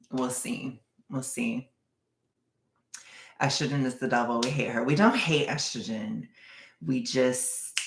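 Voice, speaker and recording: A young adult streamer talking to the chat in a loose, rambling way, poking fun at themselves. The voice is full of fry and sits in a middle pitch. The sound bounces around an echoey room. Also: sharp tone. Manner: rambling, self-deprecating, jokey with frequent laughs. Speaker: livestream host reading chat. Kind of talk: casual livestream chat.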